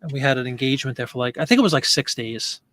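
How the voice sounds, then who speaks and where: A man's voice: mid-range voice, racing, fairly bright tone, no room sound. A man hosting a live stream, chatting casually and answering viewer comments.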